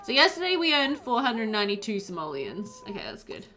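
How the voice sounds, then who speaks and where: A woman's voice: on the high side, very animated, fairly quick, sharp tone, slight background noise. A woman chatting casually while streaming a game, reading chat aloud and laughing often.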